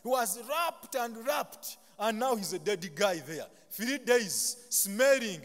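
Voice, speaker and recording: A high-voiced Ugandan pastor delivers a sermon, pausing mid-sentence with a questioning "what?" so the congregation can fill in the word. He mixes humorous, self-deprecating asides into his preaching. A long chapel reverb trails his voice. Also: very animated, fairly bright tone. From Buganda, Uganda. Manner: call-and-response, leaves sentences open for the congregation to finish.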